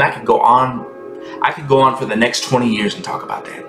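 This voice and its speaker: Rambling, rapturous man in an echoey room. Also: medium pitch. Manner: rambling, ecstatic, drifting into hushed whispers. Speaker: Christian content creator. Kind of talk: spontaneous spiritual monologue. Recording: echoey room with music behind.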